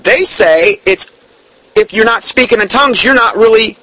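A man's voice: high-pitched, normal speed, pushed and bright, rough recording. A man giving a blunt, emphatic Bible teaching, denouncing other churches and quoting scripture at length. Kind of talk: preaching-style Bible teaching.

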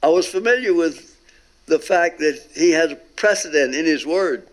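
Speaking at a normal pace in a fairly high voice, a guest earnestly recounts his near-death experience for a recorded testimony talk, stretching out phrases he wants to stress.

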